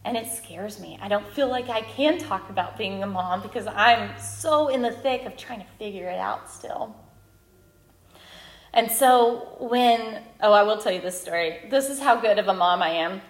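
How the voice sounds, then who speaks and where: A woman in her thirties, a speaker at a women's ministry gathering, giving a candid, self-deprecating personal testimony with lively storytelling. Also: mid-range voice, moderate pace, roomy sound.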